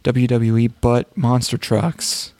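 A podcast co-host chatting casually in an ordinary mid-range man's voice. He delivers sarcastic jokes flatly and deadpan. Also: medium pitch, slow. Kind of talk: casual chat.

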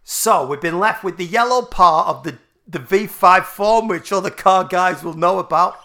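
Sweary uk podcast guy, kinda high bright voice, riffing on dumb stories. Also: normal speed. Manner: sweary, mock-serious, goes off on tangents. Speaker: podcast co-host. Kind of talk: crude comedic banter.

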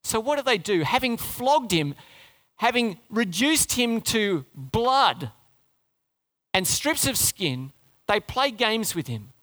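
Bright high-voiced male preacher. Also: sing-song, slow pace. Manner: storytelling, rhetorical questions, dramatic drops to low quiet. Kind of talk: sermon.

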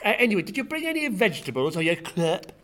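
A man playing a blustering gardening show host in a comedy improv sketch, putting on a Yorkshire accent and speaking loud and excitable. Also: high voice, fast talker. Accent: put-on Yorkshire. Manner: loud, excitable, bursts of shouting.

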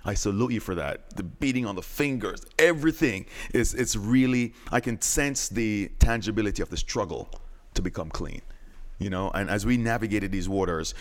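Deep-voiced male podcast host. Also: moderate pace, hardly any pauses. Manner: steady, plain, announcing segments. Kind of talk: podcast hosting.

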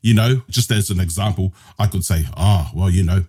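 A man's voice: deep voice, normal speed, warm tone, breathy edge. A man with a New Zealand accent teaching Māori grammar as a podcast guest, explaining patiently and switching between Māori and English. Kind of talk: casual podcast lesson.

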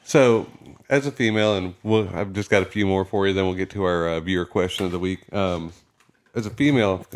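A man hosting a casual podcast, easygoing as he asks questions. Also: sits low. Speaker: podcast host. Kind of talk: casual interview chat.

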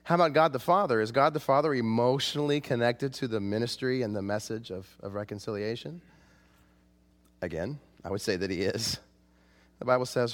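Man, pastor, sermon, impassioned pleading, middle pitch, long reverb. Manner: impassioned, rising to pleading cries when quoting scripture.

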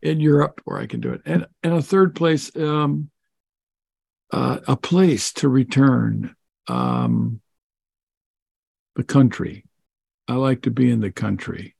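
Gravelly, husky-voiced man. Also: medium pitch, slow pace, long pauses, a little mellow, dry recording. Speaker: guest author. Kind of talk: casual interview answers.

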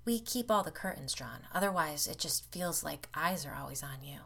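An anxious housewife, hushed and uneasy, half lowering her voice as a woman reads her. The tone stays low-pitched and plain. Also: expressive, moderate pace, creaky, breathy edge, heavily acted.

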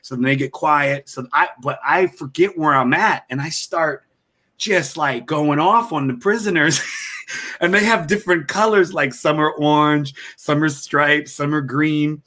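A man's voice: on the high side, measured pace. A man, a comedian guest, telling stories from his career with lots of laughing in a podcast interview. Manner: animated, laughing storyteller.

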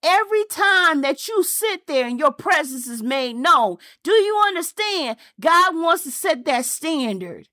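A woman's voice: high voice, big pitch swings, a little slow, hardly any pauses, bright, forceful tone, no echo, clean studio sound. A woman pastor preaching a fervent sermon, repeating her points and firing rhetorical questions in a casual, folksy way. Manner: colloquial Southern-style phrasing like y'all and ain't.

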